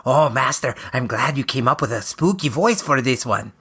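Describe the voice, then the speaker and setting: A man doing a spooky Igor servant, fawning, bright and breathy, lively swooping pitch. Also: moderate pace.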